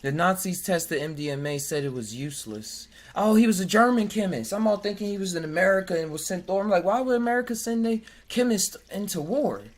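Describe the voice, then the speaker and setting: A podcast host in casual chat who jokes, laughs often, reads articles aloud and stumbles over words. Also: mid-range voice.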